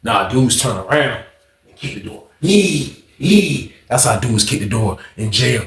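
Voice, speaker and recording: Animated, profane man telling a story. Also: fairly low pitch, moderate pace, echoey room. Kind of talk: casual storytelling.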